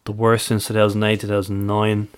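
A man's voice: lowish voice, completely flat delivery, brisk, clean tone. A man co-hosting a casual podcast, methodically reeling off stats, dates and records. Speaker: podcast co-host, stats presenter.

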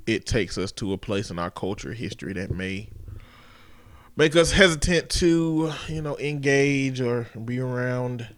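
A man co-hosting a podcast, talking in a measured way and joking dryly. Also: medium pitch, lively intonation, no room sound. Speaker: podcast co-host. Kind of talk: casual chat.

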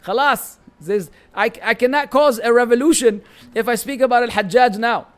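A man with a Lebanese Arabic accent, a native Arabic speaker, answering viewer questions as an Islamic teacher in an animated, bantering live-stream chat that is sprinkled with Arabic phrases. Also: very high-pitched, moderate pace, smooth.

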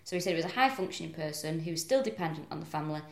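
Lively woman comic, echoey room. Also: sits low, racing. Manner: animated, jokey, recounts case facts. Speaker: comedian podcast co-host. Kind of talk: casual comedic chat. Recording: roomy echoey podcast room.

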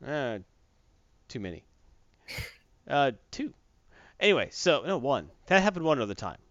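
A man's voice: mid-range voice, very animated, measured pace, a bit bright, no room sound, lo-fi sound. A man in casual chat, recapping a comic book plot in a rambling way with many fillers and restarts.

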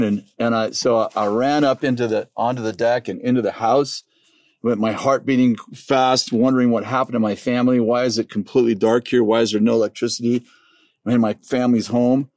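A man's voice: fairly quick, no echo. Man in his sixties telling a family story. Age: 60s. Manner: animated storyteller, acts out voices in a high pitch. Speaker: business owner. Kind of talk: storytelling in casual conversation.

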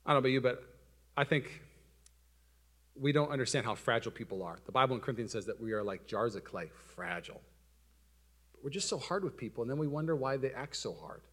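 Fast-talking pastor preaching. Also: male voice. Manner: storytelling, self-mocking, swings from loud excitement to soft and low. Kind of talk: sermon.

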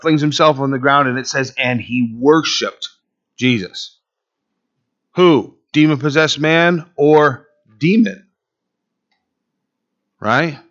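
A man preaching a sermon as pastor, swinging from loud emphatic lines to quiet asides. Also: medium pitch, muffled recording.

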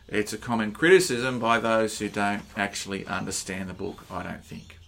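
A man preaching a sermon, slow and emphatic, pushing hard on key words. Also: on the low side, gravelly, fairly bright tone.

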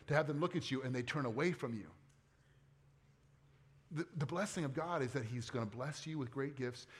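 A middle-aged pastor with a fairly high-pitched voice preaches conversationally, frequently asking the congregation questions.

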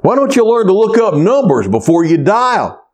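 A man voicing an irate man who shouts down the phone at a repeat caller. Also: sits high, sing-song, normal speed, voice pushed up. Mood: indignant. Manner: indignant, barking.

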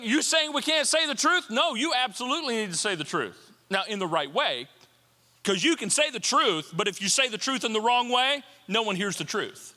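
A man preaching a sermon as a pastor, animated and playful, with jokes and asides. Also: sits high. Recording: long hall reverb.

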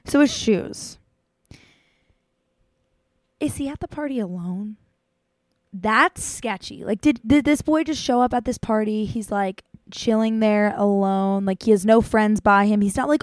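A young adult woman hosts a casual chat, giving dating tips in a fairly high voice at a moderate pace. She's chatty and playful, acting out little voices of boys and friends, and the recording is studio quality with no room sound.

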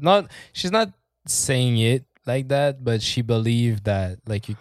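Man, casual co-host, middle pitch, rambling and profane, dry close sound. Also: a little slow, no room sound. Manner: rambling, swears often, laughs mid-sentence. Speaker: podcast co-host. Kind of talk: casual chat.

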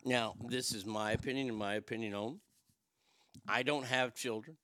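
A middle-aged man telling a long personal story in a profane, wisecracking way, with quick asides and voices for the people in it. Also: mid-range voice, fairly even intonation, pushed and bright. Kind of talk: casual storytelling monologue.

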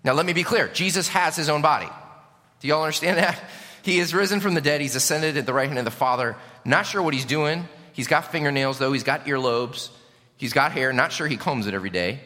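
Male pastor, sermon delivery, bright and forceful tone, long church reverb. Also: on the high side, a little fast. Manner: animated, asks the congregation questions. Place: church sanctuary.

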